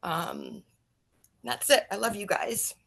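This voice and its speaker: Woman on a video call, emotional and earnest, halting speech, mid-pitched voice. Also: vocal fry, a bit bright. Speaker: guest on a support call. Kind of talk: heartfelt thank-you on a video call.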